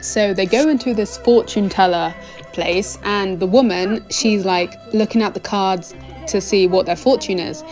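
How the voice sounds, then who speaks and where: A woman's voice: mid-range voice, measured pace, a little mellow, faint music behind. A young woman rambling through a casual anime review, her chat full of fillers and exclamations. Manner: rambling and chatty, full of "like" and "oh my gosh".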